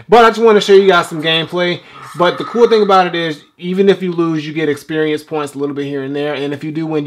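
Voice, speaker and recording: A man's voice: on the high side, a bit bright, slight background noise. A man giving loose, rambling gameplay commentary as a game reviewer, swearing freely while he plays.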